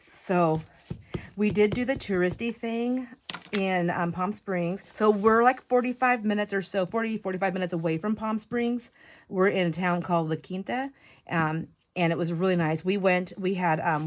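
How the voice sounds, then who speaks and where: Chatty woman storyteller, low voice. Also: slight background noise. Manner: chatty storyteller, many fillers and "like", animated retelling. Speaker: craft vlogger. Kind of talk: casual chat while crafting.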